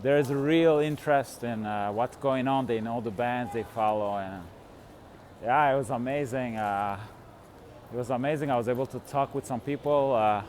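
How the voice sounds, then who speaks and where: Walking through a city as he vlogs, this man talks casually and rambles, full of fillers, restarts and laughter. He has a mid-range, darkish voice at a normal speed, and faint street noise can be heard.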